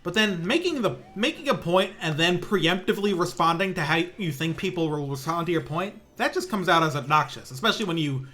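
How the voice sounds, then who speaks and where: A man's voice: a little high, lively intonation, brisk, few pauses, pushed and bright. A young man streaming a pinball game, chatting casually in a rambling way with many restarts and sarcastic asides. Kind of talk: casual stream commentary while playing.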